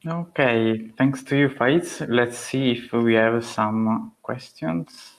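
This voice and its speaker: A man hosting an online conference, thanking the speaker and moderating questions in a slow, hesitant way. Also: mid-range voice, vocal fry, low-quality recording. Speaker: event host.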